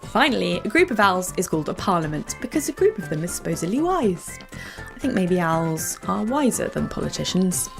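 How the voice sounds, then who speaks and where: A woman with a British accent hosting a children's educational podcast, telling facts in a bright storytelling way. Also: lowish voice, brisk, gravelly, soft background music. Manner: bright, animated, storytelling to kids. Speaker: podcast host.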